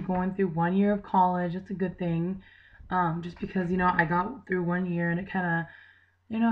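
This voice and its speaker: A woman's voice: mid-range voice, dull audio. Tired young woman chatting to her webcam. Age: young adult. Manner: rambling, filler-heavy, chatty. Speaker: channel regular. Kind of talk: casual vlog chat.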